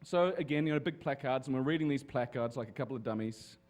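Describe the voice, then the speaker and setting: A man telling casual, lively anecdotes to an audience as a guest on a convention panel. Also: mid-range voice, fast. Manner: lively storyteller with restarts and swearing.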